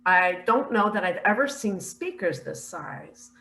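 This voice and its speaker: An older woman earnestly recounting a spiritual vision in a slow, heartfelt, emotional way. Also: medium pitch, expressive, creaky, pushed and bright, rough recording. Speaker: spiritual speaker sharing visions.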